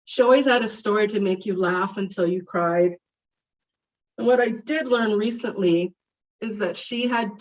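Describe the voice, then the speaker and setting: A middle-aged woman gives a heartfelt eulogy at a memorial service, telling fond stories about a friend. She sounds set back from a dull, muffled microphone. Her voice sits at an ordinary pitch for a woman. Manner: heartfelt, reminiscing, animated when retelling stories. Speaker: eulogy speaker. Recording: distant, muffled mic.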